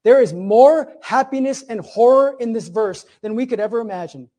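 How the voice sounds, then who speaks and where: A high-pitched man delivering a sermon, with a mellow, darker tone to his voice. He builds rhythmic, repeated phrases and leans hard on key words, then slows into patient, teacherly explanation. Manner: emphatic, repetitive cadences with slow, stressed phrases. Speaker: preacher.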